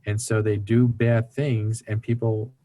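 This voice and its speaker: Guy on an interview explaining stuff earnestly, kinda low voice, does little voices for people he quotes. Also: little pitch movement, measured pace, dark tone, dry recording. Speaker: guest speaker on recovery ministry.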